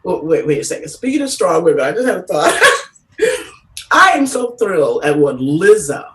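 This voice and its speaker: A woman doing a stand-up comedy set, telling brash, profane stories in an animated way. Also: lowish voice, normal speed, recorded from a distance, slight background noise, poor audio.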